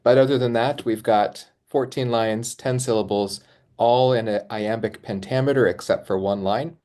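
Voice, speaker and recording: A man co-hosting a podcast, explaining a poem's form in a thoughtful way with frequent pauses and ums. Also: mid-range voice, steady tone, darkish tone. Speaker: podcast co-host. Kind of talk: literary discussion.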